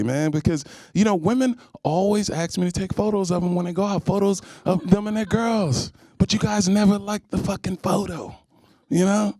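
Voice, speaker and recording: A young man doing a stand-up comedy set, animated and acting out scenes. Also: high-pitched, no echo. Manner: animated, acts out scenes in voices.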